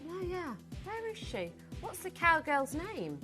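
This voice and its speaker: A woman's voice: very high-pitched, wildly swooping pitch, unhurried, bright, forceful tone, soft background music. A young adult woman presenting on live shopping TV in a studio, gushing and theatrical.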